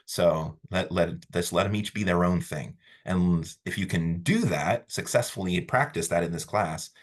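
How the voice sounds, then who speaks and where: A man teaching a college class, talking in an animated, storytelling way that often breaks off and restarts mid-sentence. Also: sits low. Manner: animated, storytelling, self-interrupting. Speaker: college instructor. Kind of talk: classroom lecture.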